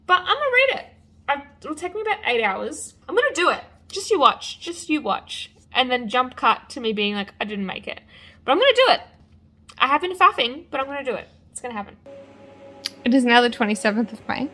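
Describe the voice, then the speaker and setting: A young woman chatting casually to camera as a book vlogger, animated and full of fillers. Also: sits high, fairly quick. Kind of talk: casual vlog chat.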